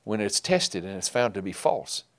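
A man preaching a sermon to his congregation, emphatic, rising loud and falling quiet. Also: lowish voice, sing-song, normal speed. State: tearful while reading scripture. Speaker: pastor.

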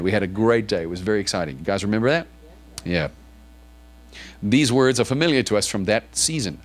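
A man preaching to his congregation in church, reading scripture aloud and then asking it probing questions. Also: low-pitched. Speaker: pastor. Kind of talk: sermon.

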